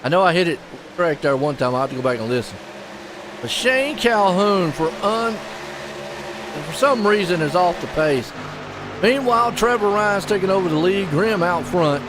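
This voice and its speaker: A man calling a live sim race play-by-play, excitable and folksy. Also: high-pitched, moderate pace, noisy background. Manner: excitable, folksy, puzzled asides. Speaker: race commentator.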